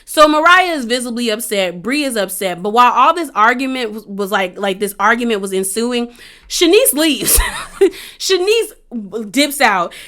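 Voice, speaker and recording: A young woman with a fairly high, bright, sharp voice gives a casual, chatty recap of a reality show. She talks in slang and acts out what the cast said, and her retelling stays animated throughout. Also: measured pace.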